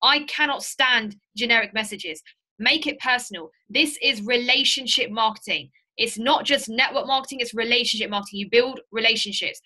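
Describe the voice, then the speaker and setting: Running a sales training session for a group, this woman has a high, bright, and forceful voice at a normal speed. Her delivery is animated and direct, and she gets her lessons across through stories.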